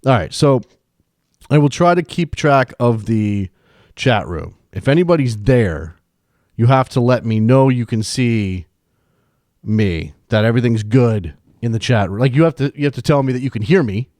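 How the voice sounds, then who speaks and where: A man hosts a casual live stream from home, chatting loosely and poking fun at himself as he goes. His voice sits at an ordinary middle pitch. It comes through a close microphone in a dry room with no echo. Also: animated, normal speed, a little mellow. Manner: rambling, self-deprecating, chatty. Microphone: desk microphone.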